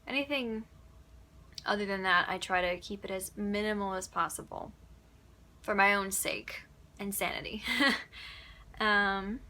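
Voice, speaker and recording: A woman narrator from Upstate New York talks through her craft in a relaxed question-and-answer style. Her voice is bright and forward, with a pitch that sits in the middle range. She speaks in a lively, chatty way and laughs easily. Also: unhurried, long pauses. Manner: chatty, animated, laughs often. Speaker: audiobook narrator. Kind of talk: casual Q&A answers. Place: home closet used as a booth.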